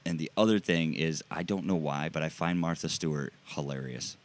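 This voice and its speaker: A man hosting a casual podcast chat, easygoing and quick to laugh. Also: rumbling low. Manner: relaxed, easygoing, laughs often. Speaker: podcast host.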